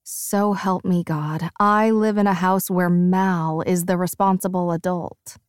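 A woman narrating a first-person audiobook with expressive, lively storytelling. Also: on the low side, unhurried, smooth, no echo, clean studio sound.

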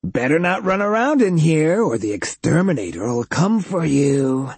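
A menacing male cyborg brute who taunts in a raised, unnatural pitch, as a male audiobook narrator puts him on. He drags out each word slowly, with a dry, close sound and a husky, dark edge. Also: sing-song, no echo, full character voice. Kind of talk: audiobook character voice.

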